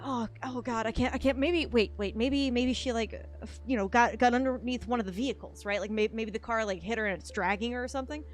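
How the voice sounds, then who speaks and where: A woman's voice: on the high side, fast talker, a little hiss or hum, natural voice. A woman voicing a grown man in a panic over his lost mother, stammering and repeating himself. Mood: panicked.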